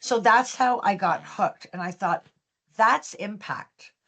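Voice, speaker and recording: A woman with a medium-pitched voice and a measured pace tells stories as a guest in an interview. She founded a business, and she brings her tales to life by acting out the quoted dialogue.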